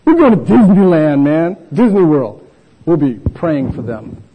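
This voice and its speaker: A man preaching a sermon in an animated way, acting out the voices of the people in his story. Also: on the high side, a little slow, breathy edge, rough recording. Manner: animated, acts out voices of the disciples and the blind man.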